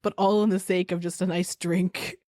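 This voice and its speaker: A woman's voice: lowish voice, flat delivery, moderate pace, warm tone, no echo, studio quality. A woman co-hosting a podcast in casual chat, blunt and sarcastic, with frequent swearing. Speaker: podcast co-host.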